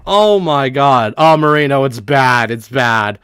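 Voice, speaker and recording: A young man livestreaming a game, talking casually and excitably, laughing a lot and swearing freely. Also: medium pitch, measured pace, hardly any pauses, clean tone, no echo, studio quality. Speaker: streamer. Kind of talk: casual live-stream reaction commentary.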